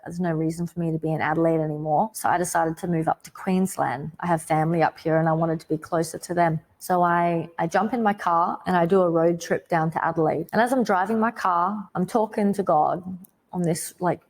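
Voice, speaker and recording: Her voice a bit low for a woman, an Australian podcast guest tells the story of her faith in a vivid, dramatic way. She leans on the word "like" constantly and sometimes breaks suddenly into loud bursts.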